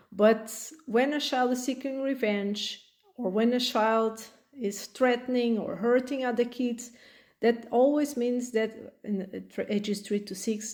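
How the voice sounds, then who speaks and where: Reassuring high-voiced woman parenting coach. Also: darkish tone. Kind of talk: advice talk to camera.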